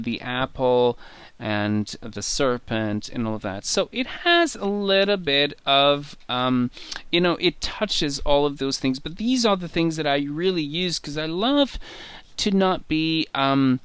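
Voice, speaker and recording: A man speaks as a guest, enthusiastic and rambling as he walks through his cards. His voice is bright and smooth. The sound is close and dry, with no room in it. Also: on the high side, no echo. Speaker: guest tarot reader. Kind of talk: conversational show-and-tell interview.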